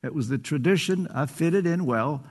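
A man's voice: fairly high pitch, moderate pace. An older man preaching a sermon, earnest and pleading, stretching out phrases for emphasis.

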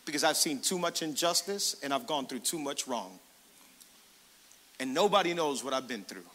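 A man preaching a sermon as pastor, energetic, calling out to the congregation and acting out prayers in his own voice. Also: fairly high pitch, normal speed, big-room sound. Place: church sanctuary.

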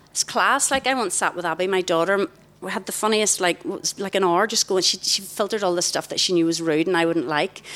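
A middle-aged woman, giving an animated talk to young people in a festival tent and questioning the crowd directly. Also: mid-range voice. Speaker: youth event speaker. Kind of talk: interactive talk to a young audience. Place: large festival tent, live audience.

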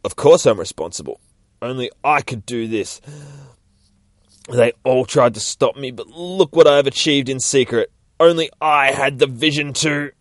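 A man voicing a tired, arrogant male mad scientist from a comic, ranting loudly and raising his pitch. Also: measured pace, dry recording, clean studio sound, natural voice. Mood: proud.

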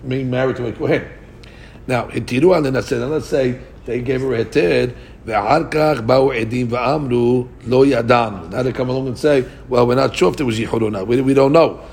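Gravelly-voiced man teaching Talmud. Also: medium pitch, a little mellow. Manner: translates Aramaic phrase by phrase with frequent restarts. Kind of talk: Talmud study lesson.

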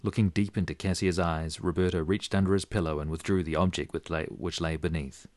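A man reading a parody bedtime story aloud in slow, mock-serious narration. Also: low voice, fairly even intonation, darkish tone, dry recording.

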